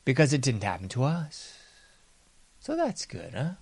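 A man hosting his own commentary show, delivering a long sarcastic monologue in a mid-pitched voice. He mocks bystanders with put-on voices and swings between loud lines and near-whispers. The sound is close and dry, with no room echo. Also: huge pitch swings, unhurried, gravelly, slightly rough. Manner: sarcastic, mocking mimicry of bystanders; varies loudness a lot, sometimes dropping to whispers. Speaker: political commentary host.

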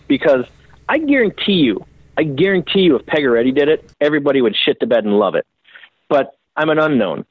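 A man's voice: medium pitch, no echo. A man, a custom bike builder, telling his story bluntly and emotionally in an interview, with frequent swearing. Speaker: custom bicycle builder, guest. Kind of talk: candid podcast interview storytelling. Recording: dry, phone-like remote call audio.

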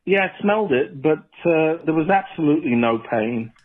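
A man in his forties with an English accent, calling in to tell a story in a dry, deadpan way. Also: on the high side, normal speed. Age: 40s. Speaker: caller. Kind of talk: phoned-in voicemail story. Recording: tinny phone line.

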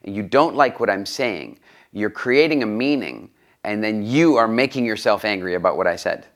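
A middle-aged man with a voice set a little low tells stories as an interview guest. He reflects as he speaks, and he doubles words while he works out the next thought. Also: expressive, normal speed. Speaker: guest, studio owner. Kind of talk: conversational interview storytelling.

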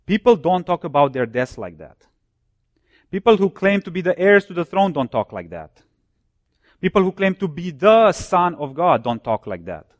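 A man delivers a sermon in a somewhat high-pitched voice, stacking short repeated phrases for emphasis. He falls low and quiet when he cites chapter and verse. The sound is dry and close, with no room echo. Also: sing-song, normal speed. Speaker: preacher.

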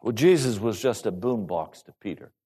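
A male pastor preaching a sermon to his congregation in an animated, rising and falling delivery. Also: lowish voice, normal speed, breathy edge.

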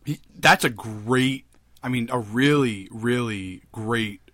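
A man's voice: mid-range voice, slow pace, a bit bright, no echo, studio quality. A man co-hosting a casual podcast movie review, wry and joking, swearing casually. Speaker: podcast co-host.

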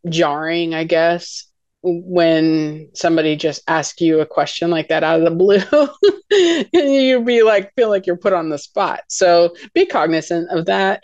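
A woman co-hosting a faith podcast, gently sharing advice on talking with a spouse, with many "um"s and "like"s. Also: deep voice, no echo, lo-fi sound. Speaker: podcast co-host. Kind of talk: casual faith talk.

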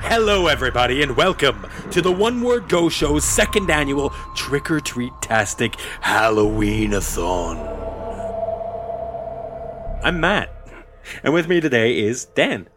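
A man's voice: on the high side, very animated, normal speed, over music. A man hosting a casual podcast and reading a story aloud with playful humor. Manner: playful, laughs often. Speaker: podcast host.

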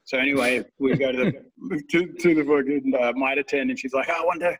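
A man's voice: mid-range voice, fairly even intonation, moderate pace, distant mic, rough recording. A man telling rambling stories in casual chat, swearing freely and laughing at his own tales.

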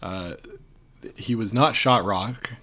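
A man's voice: on the low side, slow, bright, forceful tone. A man co-hosting a curling show, breaking down a game in a rambling, thinking-aloud way. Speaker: co-host and curling analyst. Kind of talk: casual sports analysis.

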